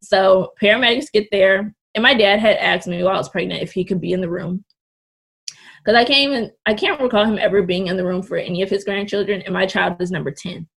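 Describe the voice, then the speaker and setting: Gravelly-voiced young woman telling a story. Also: mid-range voice, fast talker, a bit bright. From California Bay Area. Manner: candid and blunt, swears freely. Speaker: podcast guest. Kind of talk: casual storytelling.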